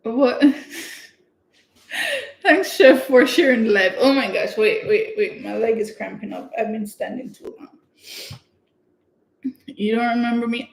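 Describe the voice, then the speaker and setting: A young woman from Canada, chatting excitedly and giggling as she hosts her own livestream. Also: on the high side. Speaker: livestream host. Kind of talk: casual livestream chat. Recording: echoey room.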